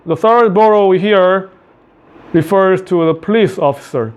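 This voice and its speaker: A high, smooth-voiced man with a Korean accent teaches a classic play and walks through it line by line. He restates each quote in simple words and often repeats himself to make a point clear. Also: measured pace. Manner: paraphrases quotes in plain words, repeats phrases. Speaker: high school English teacher.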